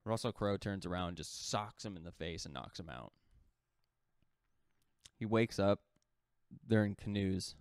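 A man's voice: deep voice, a little mellow, clear, resonant tone, no echo, studio quality. A man co-hosting a podcast, casually retelling a story in a loose, rambling way full of "like" fillers. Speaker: podcast co-host.

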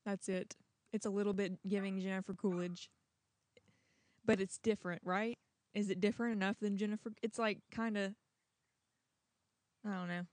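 A woman's voice: mid-range voice, darkish tone, no room sound. Chatty young woman, dry close voice. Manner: chatty, rambling, self-questioning. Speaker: host. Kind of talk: casual chat.

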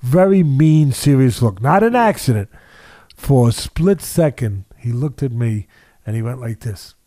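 A man's voice: medium pitch, expressive, a little slow, mellow, no room sound, clean studio sound. An older man, a boxing trainer, telling stories in an interview, driving points home by repeating phrases. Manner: emphatic, repeats phrases for weight. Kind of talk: interview storytelling.

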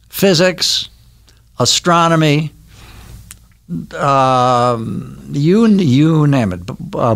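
A man's voice: on the high side, fairly bright tone. Older man reminiscing in a studio. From Milwaukee, Wisconsin. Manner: reminiscing, anecdotal storyteller. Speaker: podcast guest. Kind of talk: casual interview chat. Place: recording studio.

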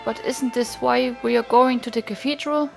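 A woman's voice: fairly high pitch, fairly even intonation, moderate pace, creaky, faint music behind. A woman with a German accent reading the lines of an earnest young female songstress who speaks formally and solemnly. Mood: troubled.

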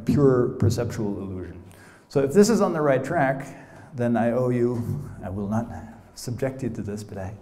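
A middle-aged American man lectures in a roomy hall, his voice mellow and dark. He talks loosely and playfully, dropping casual asides as he explains. The room gives his voice a clear echo. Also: medium pitch. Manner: conversational, many "you know" asides, playful. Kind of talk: academic lecture.

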